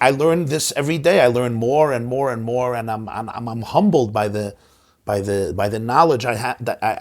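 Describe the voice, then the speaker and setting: A man, a rabbi hosting a conversational discussion, who speaks emphatically and often repeats words while searching for them. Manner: swings between soft low asides and rising stressed words. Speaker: rabbi and host.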